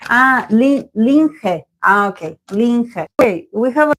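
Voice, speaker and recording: Lively and fairly high-pitched, with a slightly bright tone, this tarot reader speaks a little slowly on her live stream. She's a native Spanish speaker whose casual, rambling talk is full of fillers, restarts and self-corrections, captured in a low-quality recording.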